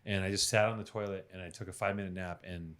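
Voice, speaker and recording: A man's voice: low voice, steady tone, fast talker, fairly bright tone. A man hosting a podcast in casual chat, joking around and swearing freely. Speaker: podcast host.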